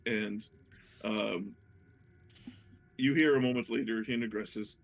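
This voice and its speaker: A man narrating a tabletop game as dungeon master, hesitant and full of fillers, with a gravelly voice. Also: lowish voice, little pitch movement, measured pace, pauses often. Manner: hesitant, many fillers and restarts.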